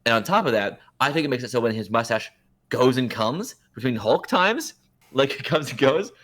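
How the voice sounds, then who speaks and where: A man's voice: mid-range voice, expressive, moderate pace, a bit bright. A man co-hosting a podcast, chatting casually and rambling through his opinions, often correcting himself mid-sentence. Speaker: podcast co-host. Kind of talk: casual chat.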